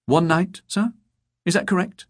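A man reading a story voices a prim young hotel receptionist, polite and briskly formal. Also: sits high, dry recording, studio quality, pitched above the performer's own voice.

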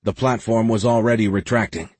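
A man narrating an audiobook in a steady, dramatic storytelling way with a husky voice. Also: fairly low pitch, brisk, dry recording. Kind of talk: scripted narration.

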